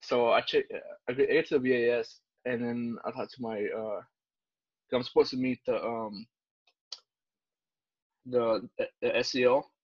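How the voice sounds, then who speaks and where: A man with a husky voice rambles casually through a story, full of fillers, swearing and "dude". The recording is dry and a little muffled. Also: medium pitch, fairly even intonation, measured pace, long pauses, no echo. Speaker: podcast co-host, Navy corpsman. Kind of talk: casual profane storytelling chat. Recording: dull, dry podcast recording.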